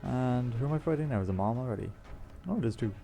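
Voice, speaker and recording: A man's voice: medium pitch, expressive, fast talker, vocal fry, music in the background. A man chatting casually as he plays a video game, rambling and explaining the items. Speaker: gaming YouTuber. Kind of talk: casual let's-play commentary.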